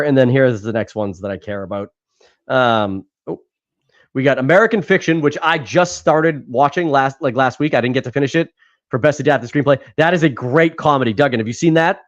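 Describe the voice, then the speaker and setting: A man's voice: mid-range voice, a little fast, muffled recording. A man co-hosting a podcast in casual chat, rambling with frequent laughs and casual swearing. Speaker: podcast co-host.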